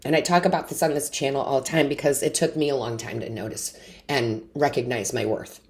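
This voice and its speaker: Low-voiced woman giving an earnest tarot reading. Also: fairly even intonation, a little fast. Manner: earnest, encouraging, asks many rhetorical questions. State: tearful, emotionally overwhelmed. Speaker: tarot reader. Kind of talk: intuitive tarot reading to camera.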